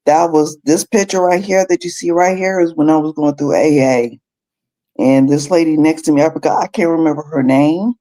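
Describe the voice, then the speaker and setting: A woman's voice: sits low, dark tone, low-quality recording. A young adult woman sharing personal experiences as a guest on her mother's live talk. She rambles and halts, restarting her sentences often. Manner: rambling, halting, many restarts. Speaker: guest, host's adult daughter.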